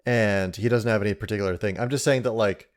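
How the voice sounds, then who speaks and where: Low voiced guy chatting at a tabletop game, hesitant, lots of ums. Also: fairly even intonation, fast. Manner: casual, hesitant with fillers. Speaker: player. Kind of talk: casual tabletop game chat.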